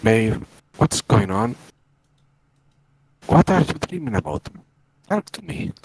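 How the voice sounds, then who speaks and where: A man's voice: fairly high pitch, lively intonation, takes it slowly, darkish tone, slight background noise. A man reading a worried comic-book partner who coaxes a loved one awake.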